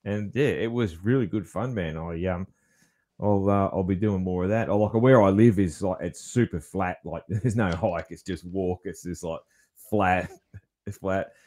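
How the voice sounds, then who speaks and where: Aussie podcast host, relaxed chat, slightly low voice, says man a lot. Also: measured pace. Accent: Australian. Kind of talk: casual interview chat.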